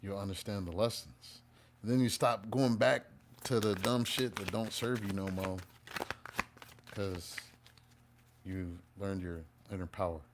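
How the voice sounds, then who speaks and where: A man gives a casual live tarot reading and keeps it playful and chatty. His voice sits fairly low for a man. He jokes his way between the spiritual messages. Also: fairly even intonation, a little slow, long pauses, noisy background. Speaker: tarot reader.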